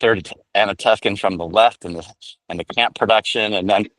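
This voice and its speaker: Lower-voiced man reminiscing on a call. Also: a little fast, fairly bright tone, dry recording, poor audio. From Rochester, New York. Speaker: actor guest. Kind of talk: casual storytelling interview. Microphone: video call while walking outdoors.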